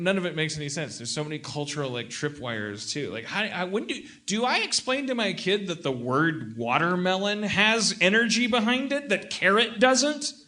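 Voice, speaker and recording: A man in his forties riffs as host of a live comedy podcast, rambling and self-deprecating. His voice is bright and a little high, and he jumps between ideas with lively energy. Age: 40s. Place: live stage before an audience.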